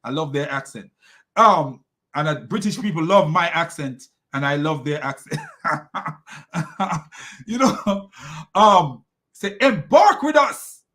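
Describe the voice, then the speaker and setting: A man's voice: on the high side, slow pace, pauses often, sharp tone. A man hosting a critical commentary, talking in a mocking tone, laughing often and restarting his sentences. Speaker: host.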